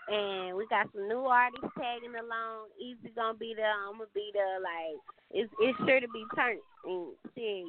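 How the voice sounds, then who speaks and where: High-pitched woman ranting, tinny line. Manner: profane, confrontational, calls someone out. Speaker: rapper guest. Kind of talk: heated radio interview rant. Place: radio studio. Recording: tinny phone-like sound.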